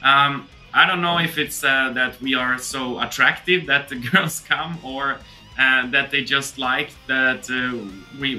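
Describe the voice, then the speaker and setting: A man's voice: fairly high pitch, pushed and bright. A male band member talking casually to camera, hesitant with many fillers and dry humor. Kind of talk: casual direct-to-camera talk.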